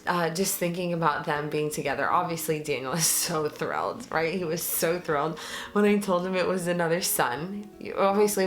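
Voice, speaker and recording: A young pregnant woman talking earnestly and emotionally to her viewers in a casual vlog, with many fillers. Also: deep voice. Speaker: vlogger. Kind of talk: casual vlog talk to camera.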